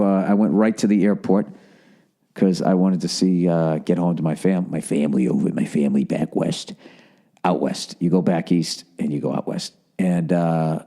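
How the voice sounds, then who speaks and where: A man's voice: on the low side, dark tone. A middle-aged man hosting a podcast, giving a casual comedic monologue full of sarcastic, profane rants. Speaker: podcast host.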